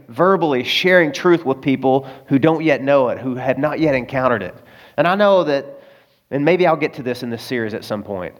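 A man preaching a sermon in a conversational way, with personal stories and frequent asides to the congregation. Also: a little high. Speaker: pastor.

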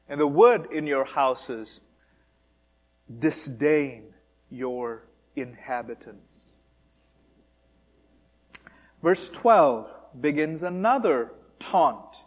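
A man preaching a sermon, speaking with animated, mocking emphasis and asking rhetorical questions. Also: a little high.

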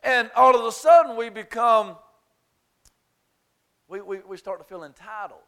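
A Southern man preaches a sermon, his voice pitched high and his tone bright and forceful. He starts in a hushed, low-key prayer and builds to impassioned, fervent preaching. When he gets worked up he stumbles over repeated words and restarts. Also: unhurried, long pauses, clear, resonant tone. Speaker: pastor.

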